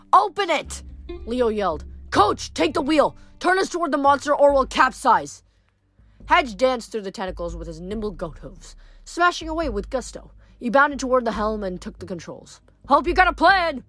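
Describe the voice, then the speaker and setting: Woman reading a book out loud, lively voice, shouts the dialogue, trips over words now n then, faint music behind. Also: mid-range voice. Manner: animated, shouts character lines, stumbles and restarts. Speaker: reader. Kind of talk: amateur book read-aloud.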